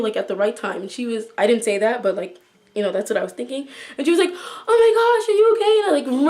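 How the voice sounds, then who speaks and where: Chatty young woman telling a storytime. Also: on the high side. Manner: chatty, animated retelling with acted-out quotes. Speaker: vlogger. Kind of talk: storytime vlog.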